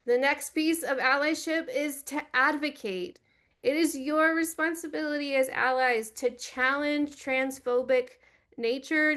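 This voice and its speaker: Earnest, direct woman with a higher voice. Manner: earnest, direct, gently instructive. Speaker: church director of operations. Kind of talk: earnest teaching talk.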